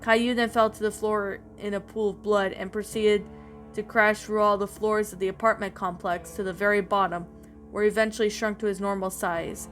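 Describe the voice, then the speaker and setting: A woman's voice: medium pitch, little pitch movement, normal speed. A woman narrating a creepypasta-style story, reading aloud with frequent stumbles and restarts. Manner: reads with frequent slips and restarts. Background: faint background music.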